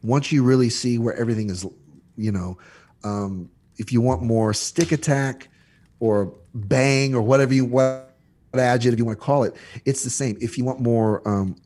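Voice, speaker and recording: A man talking as a guest on a podcast, explaining sound mixing in a halting way with lots of restarts and examples. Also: mid-range voice, warm tone. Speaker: audio educator guest. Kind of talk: casual podcast chat.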